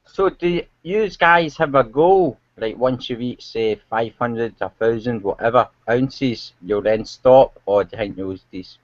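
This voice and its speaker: A man's voice: mid-range voice, a little slow, hardly any pauses, dry recording. A man asking plain questions in a casual group video call. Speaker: hangout participant. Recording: dry, muffled call audio.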